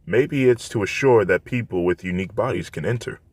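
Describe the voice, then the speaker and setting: A man voicing a calm, helpful ghost companion. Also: fairly low pitch, brisk, husky.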